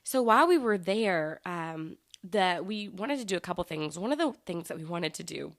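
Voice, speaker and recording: Woman podcaster, casual rambling chat, gushing, lowish voice, dry close sound. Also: animated, normal speed, dry recording. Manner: chatty and rambling, with many fillers and restarts; enthusiastic, gushing. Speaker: podcast host.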